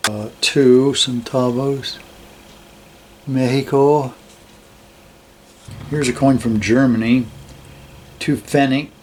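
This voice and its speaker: Older man, hobbyist host, unhurried and admiring, faint hiss behind. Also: medium pitch. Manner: slow, relaxed, admiring, with fillers. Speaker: metal detecting hobbyist host. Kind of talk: casual show-and-tell of a coin collection.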